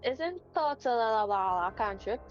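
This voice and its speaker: A woman playing a tabletop game, talking quickly and insistently, partly in character. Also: a little high, expressive, highs cut off, soft background music. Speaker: player. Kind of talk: casual tabletop game chat.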